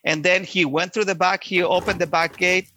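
A man telling a personal story in an earnest, halting way, often repeating words as he goes. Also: sits high, fairly even intonation, pushed and bright, slight background noise, low-quality recording. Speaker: storyteller giving a personal testimony.

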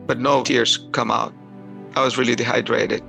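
A man telling his own hard past in a personal testimony, halting and restarting, often repeating words. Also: medium pitch, level tone, creaky, loud music behind the voice.

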